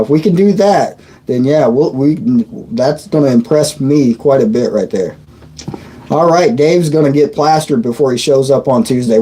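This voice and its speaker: A man's voice: fairly high pitch, mellow, rough recording. Chatty man on a live stream. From Indiana, USA. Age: 30s. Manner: chatty and joking, laughs often, stumbles and restarts. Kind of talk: casual live-stream chat reading comments.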